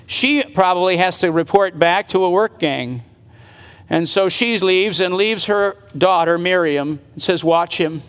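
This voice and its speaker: Man, high voice, preacher, earnest dramatic storytelling, long hall reverb. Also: fairly bright tone. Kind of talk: sermon retelling a Bible story.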